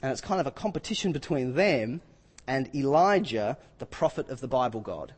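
A man preaching a sermon, retelling scripture with lively acted-out quotes. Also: medium pitch, moderate pace, husky, long reverb tail.

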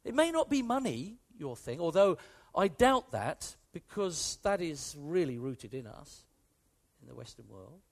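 A male preacher delivers a sermon in a high, gravelly voice that leaps up and down in big pitch swings, at a slightly slow pace. He speaks with emphasis, keeps returning to the same phrases, and asks his listeners direct questions.

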